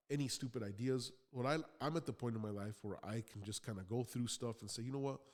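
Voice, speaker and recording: A man hosting a motivational podcast. He talks in a blunt, conversational way and swears now and then. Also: medium pitch. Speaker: podcast host.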